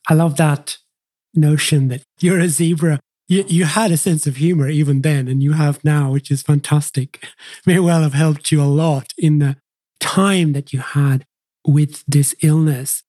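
A man hosting an interview, asking sympathetic, measured questions. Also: a little high, steady tone, mellow, dry recording, studio quality. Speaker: podcast host.

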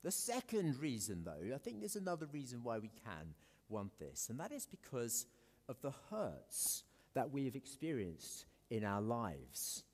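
A South African pastor with an English accent preaches in a conversational, self-deprecating style, full of fillers and restarts. His mid-range voice swings hugely in pitch, runs a little slow, and sounds a little mellow. The echoey hall gives the recording a long reverb.

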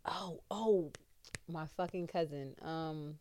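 A woman's voice: low voice, takes it slowly, dark tone. A young woman co-hosting a casual chat, talking bluntly with slang, swearing and jokes. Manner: blunt, profane, joking slang.

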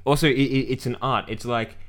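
A young man talks in a casual podcast conversation at a middle pitch. He thinks aloud and stumbles through repeated restarts as he works toward his point. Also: fairly even intonation, brisk. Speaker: podcast co-host. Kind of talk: casual chat.

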